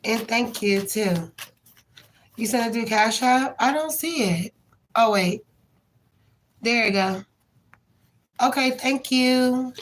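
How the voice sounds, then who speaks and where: A woman's voice: a little high, slow pace, pauses often, slight background noise, low-quality recording. A woman hosting a live tarot reading stream, chatting casually and affectionately with viewers in slang. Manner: rhythmic chanted prayer.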